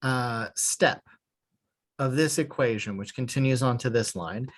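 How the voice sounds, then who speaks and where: A man's voice: medium pitch, a little slow. A man leading a beginner class, patient and methodical. He breaks each point into small steps and slips in a dry joke now and then. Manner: patient, explains step by step with small jokes. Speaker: Hebrew teacher. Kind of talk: online class instruction.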